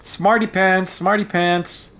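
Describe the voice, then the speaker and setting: In a home room with a desk microphone, a man records casual let's-play commentary for his gaming YouTube channel, joking around and yelping whenever something startles him. His voice is high and a bit bright, but slow and level in tone.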